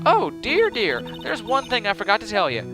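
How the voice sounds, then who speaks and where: A man voicing a fussy old head nun with a bad back, in a put-on Southern US accent, high and fretful. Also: huge pitch swings, moderate pace, music in the background.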